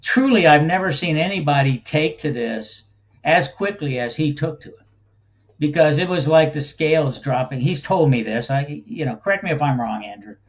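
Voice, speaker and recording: A man's voice: a little high, lively intonation, normal speed, highs cut off. A man speaking as a guest in a casual interview, rambling in a folksy way and laughing often. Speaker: guest, think tank cofounder.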